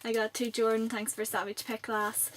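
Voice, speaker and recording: A woman's voice: fairly high pitch, little pitch movement, moderate pace, slight background noise. A young woman in her late teens with a Northern Irish accent, chatting to camera in a rambling vlog. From Northern Ireland. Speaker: vlogger. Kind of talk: casual chat to camera.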